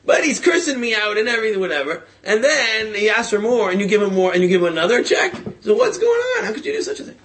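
A man voicing an exasperated wife who fires off incredulous questions in a high, shrieking tone. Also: very animated, fast, few pauses, a bit bright, full character voice. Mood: indignant. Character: exasperated wife, shrill and indignant.

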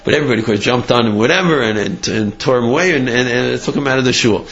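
A man telling a story to a class in an animated way, with frequent restarts and acted-out quotes. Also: medium pitch, quick pace. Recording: muffled lo-fi recording.

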